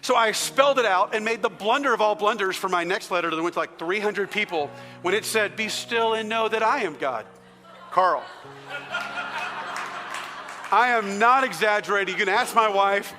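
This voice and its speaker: A man's voice: high-pitched, brisk, few pauses, music in the background. A man preaching a sermon in a large church hall, talking to the congregation conversationally and asking them questions. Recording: long hall reverb.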